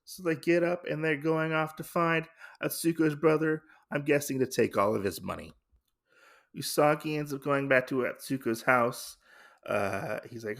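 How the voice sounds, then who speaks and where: A man's voice: fairly high pitch, normal speed, creaky, fairly bright tone. A man hosting a podcast, casually recapping a comic story in a rambling way with fillers and self-corrections. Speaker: podcast host.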